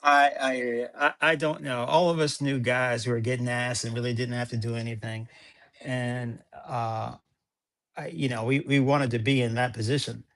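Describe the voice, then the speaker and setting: A man on a discussion panel, speaking hesitantly and haltingly. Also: medium pitch, little pitch movement, fairly bright tone.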